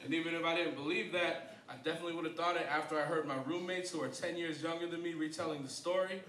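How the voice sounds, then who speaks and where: A man in his thirties doing a stand-up comedy set, wry and self-deprecating, jumping into high voices for punchlines. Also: fairly even intonation, fast talker, fairly bright tone. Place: comedy club stage. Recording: echoey club from a distance, hall mic. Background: audience laughter.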